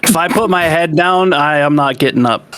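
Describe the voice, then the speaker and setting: A man's voice: fairly high pitch, normal speed, fairly bright tone, clean tone, no room sound. A man on a casual podcast, making dry jokes in a sleepy way. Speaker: podcast co-host. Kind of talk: casual chat.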